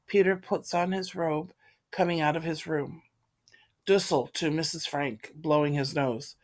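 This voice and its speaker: A woman reading a play aloud, steadily and clearly reading out its stage directions. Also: low-pitched, fairly even intonation, moderate pace. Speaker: reader.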